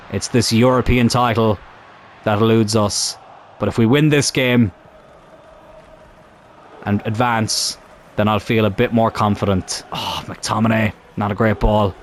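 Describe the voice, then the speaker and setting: A young man commentating on his own football video game career, calm one moment and shouting the next. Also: on the low side, moderate pace, a little hiss or hum. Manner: excitable, shouts at big moments. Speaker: gaming YouTuber.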